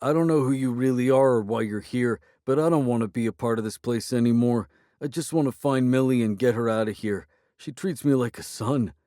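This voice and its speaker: A man voicing a shaken, plain-spoken young henchman who is rough but decent, speaking uneasily in an audiobook. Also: mid-range voice, a little fast, warm tone, dry recording, studio quality, lightly acted. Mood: uneasy.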